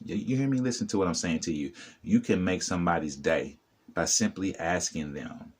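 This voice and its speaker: A man's voice: deep voice, normal speed, husky. A middle-aged man giving a motivational talk to the camera as a spiritual vlogger, preachy and repetitive, addressing the viewer directly.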